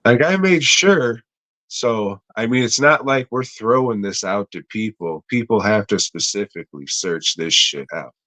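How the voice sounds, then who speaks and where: A man's voice: lowish voice, animated, measured pace, bright, forceful tone, no room sound. A man co-hosting a comedy podcast, chatting casually in a rambling, profane way with lots of fillers. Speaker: podcast co-host.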